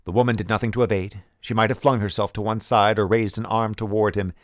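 A man narrating a first-person adventure story in a measured, vivid reading. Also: lowish voice, steady tone, no room sound, studio quality. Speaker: audiobook narrator.

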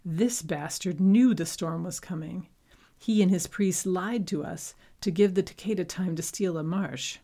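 A grim, cold male warrior, as a woman puts him on speaks in short, menacing lines. He talks slow and a little low, with a commanding edge. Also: mellow. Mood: urgent. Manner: terse, menacing.

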